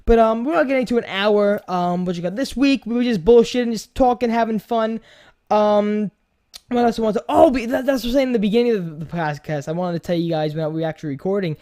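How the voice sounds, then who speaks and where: A man's voice: sits high, fast talker, darkish tone. A young man with a New York accent chats loosely as a podcast host. He rambles from one thought to the next, doubles back on his words and swears freely. His delivery is casual and unscripted. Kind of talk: casual chat.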